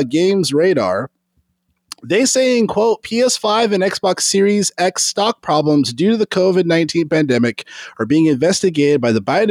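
A man hosting a gaming podcast, reading a news story aloud with many pauses and fillers, then chatting casually. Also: fairly high pitch, dry recording. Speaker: podcast host.

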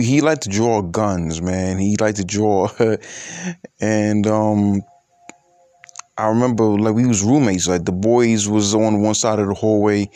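A man of twenty-eight telling a personal story in a halting, reflective way, with many fillers and restarts. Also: lowish voice, warm tone, no echo, studio quality. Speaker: podcaster.

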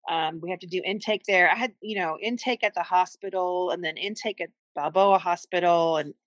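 A middle-aged mother, guesting on a podcast, recounts a family story in an earnest, heartfelt conversation. She talks a little fast in a fairly low voice, and the dry recording has poor audio.

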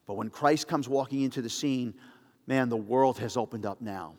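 A male pastor preaching in a casual, storytelling way with animated asides. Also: medium pitch, normal speed, long reverb tail. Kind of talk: sermon.

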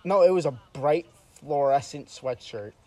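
A man's voice: on the high side, measured pace, dry recording, rough recording. Young man telling a wild profane story. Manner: profane, animated storytelling with laughs. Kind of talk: casual chat.

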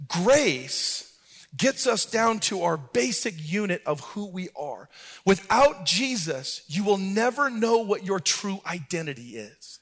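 Speaking slowly, a middle-aged male pastor delivers a pulpit sermon in a high voice. His storytelling starts relaxed, then climbs into a musical, rhythmic cadence typical of preaching.

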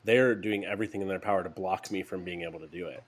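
A man's voice: deep voice, fairly even intonation, quick pace. A man co-hosting a casual chat podcast, blunt and given to exasperated ranting with heavy swearing. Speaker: podcast co-host.

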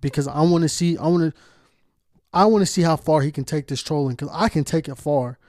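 A man's voice: on the high side, steady tone, fairly quick, darkish tone, no room sound, clean studio sound. A man hosting a casual podcast, talking with heavy swearing and frequent laughter as he rants. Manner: profane, laughing, ranting. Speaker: podcast host.

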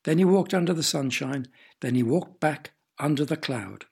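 A man reading a children's story aloud with gentle, playful storytelling. His voice is gravelly and husky, sitting a little high for a man, and he stops now and then to ask the listener questions. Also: normal speed. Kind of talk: storybook narration.

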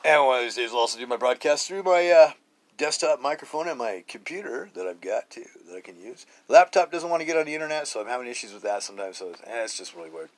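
A middle-aged man rambles through a spiritual podcast monologue, recorded on a cheap phone. He talks loosely and often swears, circling back and restarting his sentences as he goes. His voice sits at an ordinary pitch for a man. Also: animated, quick pace. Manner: casual, profane, repetitive with many restarts. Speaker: podcast host.

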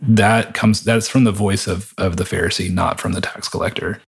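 A man with a fairly low, husky voice talks casually about scripture and song lyrics. He thinks aloud, stopping and restarting his sentences as he goes. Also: fairly even intonation. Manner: thoughtful, halting with frequent restarts and fillers. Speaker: podcast co-host reviewing a worship song. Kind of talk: casual Bible discussion.

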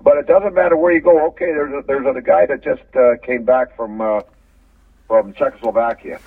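A man's voice: medium pitch, steady tone, moderate pace, husky, no room sound. Older man telling stories over a phone line. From Canada. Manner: rambling, repeats words, chuckles while telling stories. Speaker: guest, former hockey player. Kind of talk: casual storytelling interview. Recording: phone-line audio from a distance.

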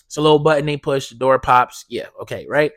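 A man hosting a casual solo podcast, telling stories in a profane, animated way that swings from loud indignation to low mumbled asides. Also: fast, no room sound. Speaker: podcast host.

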